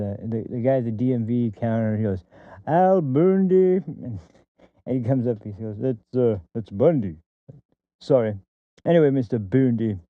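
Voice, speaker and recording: A man's voice: fairly low pitch, dry recording. Podcast guy rambling, lots of ums n laughs, dry tinny sound. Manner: rambling, full of fillers and laughs. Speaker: podcast host. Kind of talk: casual opinion podcast. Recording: dry, tinny phone-like line.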